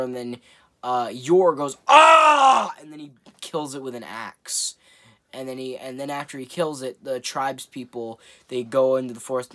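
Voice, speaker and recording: A man giving a casual, rambling movie review, amused, often laughing and swearing. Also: mid-range voice.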